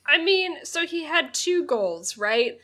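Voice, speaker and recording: A woman's voice: high-pitched, sing-song, slow pace, bright, forceful tone. A woman co-hosting a podcast in casual chat, playful and giggly as she explains her points. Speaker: podcast co-host.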